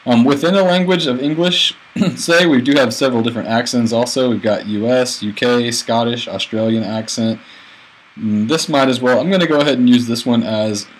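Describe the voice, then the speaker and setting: A male teacher talking through a software tutorial as he clicks, plain and a bit halting. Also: medium pitch, a little hiss or hum, low-quality recording. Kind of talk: screencast tutorial.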